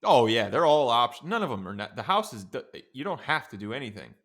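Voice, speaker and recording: A young man co-hosts a casual podcast, talking in a laid-back, rambling way and swearing freely. His voice sits in a middle pitch, and he tells his stories at an easy pace. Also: very animated, fast, a bit bright, slight background noise. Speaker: podcast co-host. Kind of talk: casual chat.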